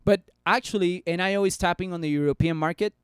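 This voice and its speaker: A man with a high, smooth voice talks through stock charts in a loose, chatty way and banters with his viewers. The sound is close and dry. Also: quick pace, no room sound. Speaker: stock market streamer. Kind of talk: casual live stock analysis.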